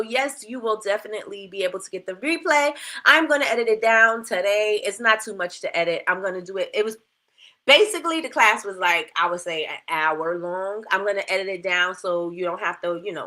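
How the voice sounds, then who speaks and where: A middle-aged woman hosting a casual livestream chat, animated, greeting viewers by name and laughing often. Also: medium pitch. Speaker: livestream host.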